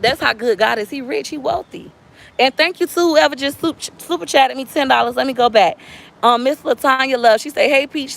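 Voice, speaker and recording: A woman's voice: high-pitched, gravelly, fairly bright tone. A woman speaking straight to viewers in a casual, preachy livestream chat. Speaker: livestream vlogger.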